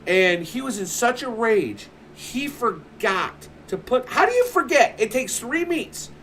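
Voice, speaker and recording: A man's voice: very high-pitched, sing-song, unhurried, a bit bright, a little hiss or hum. A man streaming from home, telling a story in casual chat, swearing constantly and ranting with animation.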